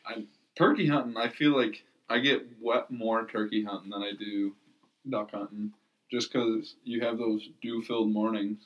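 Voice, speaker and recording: A man co-hosting a podcast, telling stories in a relaxed way with casual swearing. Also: on the low side, normal speed. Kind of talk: casual chat.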